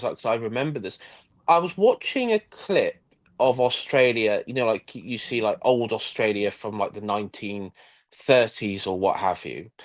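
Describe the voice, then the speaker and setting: A man co-hosting a live history stream, talking casually and hesitantly with many restarts. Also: mid-range voice.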